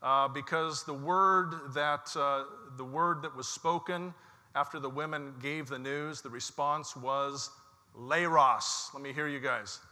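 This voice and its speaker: Slow-spoken pastor in a reverberant church. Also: male voice, on the high side, steady tone, bright, forceful tone. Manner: slow, measured storytelling with call-and-response prompts. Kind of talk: Easter sermon with congregation participation. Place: church sanctuary.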